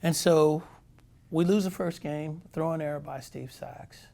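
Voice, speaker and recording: A man in his sixties, a former pitcher, telling a lively anecdote as a guest. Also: a little slow, vocal fry. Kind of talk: storytelling anecdote.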